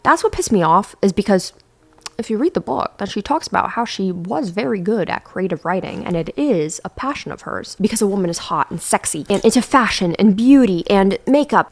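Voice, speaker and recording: Young woman, vocal fry, dry close sound, reads a memoir then chats frankly. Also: medium pitch, animated, a little fast, no echo. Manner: candid, swears casually. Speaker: YouTuber. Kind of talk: reading a memoir aloud with casual commentary.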